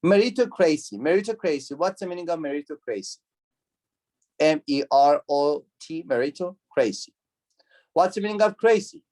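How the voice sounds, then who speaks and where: A man's voice: a little high, expressive, moderate pace, darkish tone. A man teaching an online university class. He repeats key words, asks the students questions, and speaks with non-native phrasing. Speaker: university lecturer. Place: video call.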